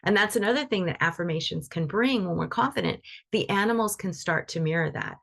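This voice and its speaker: A woman's voice: mid-range voice, brisk, vocal fry, a bit bright. A woman teaching animal Reiki in a live online session, talking loosely and conversationally with frequent restarts.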